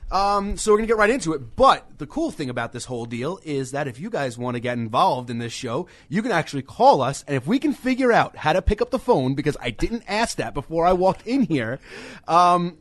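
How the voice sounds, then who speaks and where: A man's voice: a little high, sing-song, a little fast, dry recording. A man co-hosting a casual sports radio show from a small studio, rambling and self-deprecating, often stammering and restarting.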